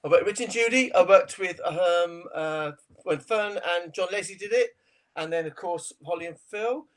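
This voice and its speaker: A middle-aged man, a TV chef guest, chatting casually in an interview and telling animated stories with frequent laughter. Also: high-pitched, normal speed. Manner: animated storyteller, laughs often.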